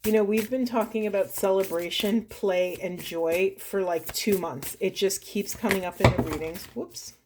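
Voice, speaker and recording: A woman, a spiritual coach, doing an oracle card reading to camera in a soft, earnest, heartfelt way that turns tearful. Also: medium pitch, steady tone, moderate pace, few pauses, a little hiss or hum.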